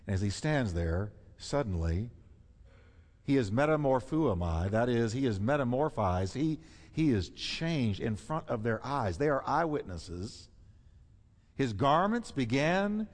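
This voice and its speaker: A man preaching a sermon with emphatic delivery, rising to loud high peaks and dropping to hushed asides. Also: sing-song, measured pace. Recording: long reverb of a large hall.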